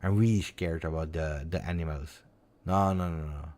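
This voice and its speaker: A man's voice: a bass voice, steady tone, normal speed, a little mellow. A man with an Italian accent who hosts a football channel, chatting casually and rambling expressively on a live stream with lots of fillers.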